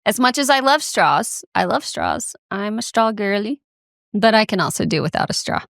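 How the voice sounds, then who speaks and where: A woman's voice: medium pitch, very animated, moderate pace, creaky, a bit bright, no room sound, clean studio sound. A young woman co-hosting a podcast, chatting casually and explaining things with enthusiasm. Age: young adult. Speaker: podcast co-host. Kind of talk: casual chat.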